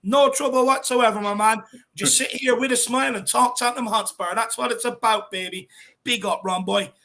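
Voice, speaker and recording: A man with an Irish accent co-hosting a fan show, chatting casually and reading out viewer comments with shout-outs. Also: extremely high pitch, steady tone, moderate pace. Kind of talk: casual live-stream chat.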